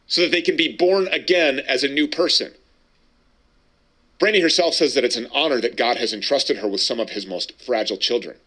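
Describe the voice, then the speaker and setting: A man's voice: medium pitch, pushed and bright. Emphatic male talk show host. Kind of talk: Christian talk show interview.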